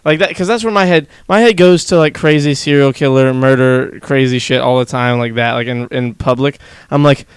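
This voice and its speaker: A man's voice: mid-range voice, normal speed, hardly any pauses, no echo. A young man co-hosting a casual livestream podcast, telling stories with lots of energy and swearing freely. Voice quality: smooth, clear voice. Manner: animated storyteller, swears freely. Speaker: podcast co-host. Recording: dry close mic.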